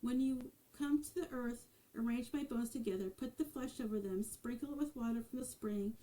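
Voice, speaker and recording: A woman's voice: a little high, moderate pace, mellow, lightly acted, rough recording. Woman reading as Auburn Mary, a resolute young helper. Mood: urgent. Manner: urgent, commanding instructions. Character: kind, resolute young giant's daughter.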